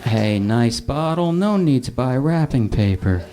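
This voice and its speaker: A man performing a deadpan stand-up comedy set in a club. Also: mid-range voice, unhurried, background noise. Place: comedy club with a live audience. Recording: live stand-up recording with a laughing crowd.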